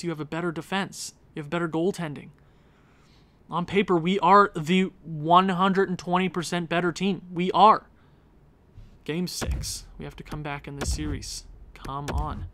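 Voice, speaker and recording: Young man with a bright gaming-commentary voice. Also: a little high. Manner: talks at players on screen, exasperated outbursts; thinks aloud while making lineup choices. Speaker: gaming channel host. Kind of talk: let's-play commentary.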